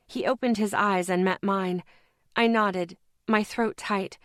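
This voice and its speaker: A woman narrating a paranormal audiobook in first person, with a measured, intense, emotional reading on a close studio mic. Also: mid-range voice, steady tone, no echo.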